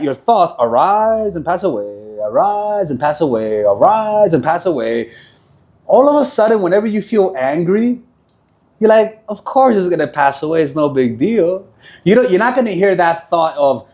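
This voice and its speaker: A man's voice: a little high, a little mellow. A man giving a casual motivational talk on meditation and reacting, blunt and profane, repeating phrases for emphasis. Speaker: self-help speaker.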